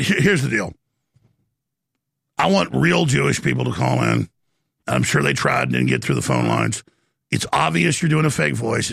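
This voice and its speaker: A man hosts a call-in radio show in a raspy, deeply gravelly voice. His pitch swings widely and his delivery is emphatic. The sound is dry and close. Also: no echo. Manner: animated, forceful, emphatic. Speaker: talk radio host.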